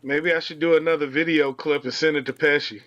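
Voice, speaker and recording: A man teasing his friends in a lively way during a casual voice-call chat. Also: on the high side, brisk, lo-fi sound. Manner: animated, teasing storyteller. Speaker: call participant.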